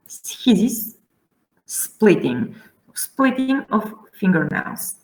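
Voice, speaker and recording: A woman's voice: mid-range voice, low-quality recording. A woman teaching a class, walking through terms one step at a time in a methodical lecture. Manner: methodical, spelling out terms slowly.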